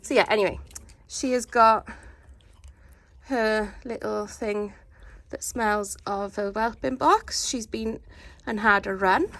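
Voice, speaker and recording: A woman dog breeder in a casual home vlog, talking in a calm, steady, instructive way from her living room. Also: medium pitch, slow pace.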